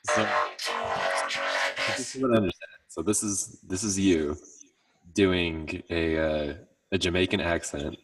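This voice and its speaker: Deep-voiced distant man asking questions. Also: animated, music in the background. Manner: curious, halting questions. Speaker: interviewer. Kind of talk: casual interview.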